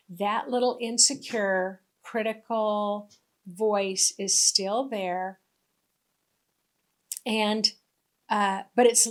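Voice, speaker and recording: Woman giving a relaxed spiritual talk. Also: medium pitch. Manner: conversational, repeats points for emphasis. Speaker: spiritual teacher. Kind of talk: casual spiritual teaching monologue.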